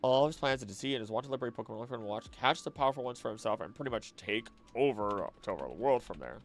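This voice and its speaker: A man's voice: medium pitch, lively intonation, rapid-fire. A young man from the American South, streaming a casual late-night chat and reading chat messages aloud, rambling and correcting himself as he goes. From Southern United States. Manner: rambling, self-correcting, mutters while reading. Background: faint background music and keyboard typing.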